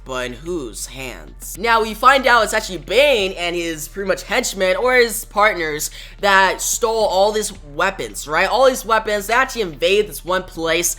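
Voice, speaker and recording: A man's voice: sits high, expressive, moderate pace, hardly any pauses, bright, forceful tone, soft background music. A man casually recapping a comic book, retelling it with enthusiasm and sound effects.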